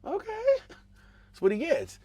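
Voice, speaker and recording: A man hosting a podcast. He rants casually and profanely about politics, muttering one moment and shouting the next. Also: very high-pitched, measured pace. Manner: animated, profane, swings between mumbling asides and raised outbursts. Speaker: podcast host.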